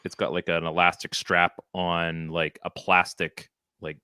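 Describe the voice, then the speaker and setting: A podcast co-host with a low, clear, resonant voice speaks unhurriedly into a close studio microphone, with no room sound. In casual chat, he animatedly rambles through a self-deprecating anecdote, laughing at himself.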